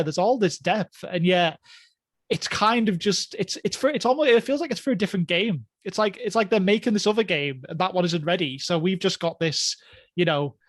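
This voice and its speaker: A man co-hosting a casual podcast, rambling through his thoughts with plenty of fillers, restarts and chuckles. His voice sits a little high, and the recording is dry and close. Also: dry recording. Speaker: podcast co-host. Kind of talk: casual chat.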